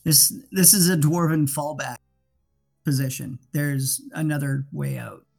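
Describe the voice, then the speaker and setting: A man's voice: fairly high pitch, steady tone, a little slow, vocal fry, a little mellow, soft background music. A man playing a tabletop game, talking in character with profane, sarcastic rants.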